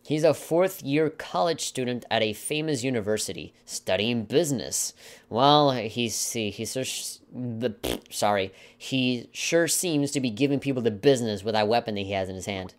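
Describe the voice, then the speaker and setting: A man's voice: mid-range voice, normal speed. A man playing a video game, reading its story text aloud and mocking it with sarcastic asides. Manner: sarcastic, mock-dramatic, chuckling asides. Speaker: let's play commentator.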